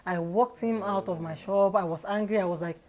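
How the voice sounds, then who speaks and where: A woman's voice: medium pitch, a little fast, lo-fi sound. Laughing Nigerian woman telling her story. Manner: lively, candid storyteller who laughs often. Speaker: interview guest. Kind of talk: casual storytelling interview.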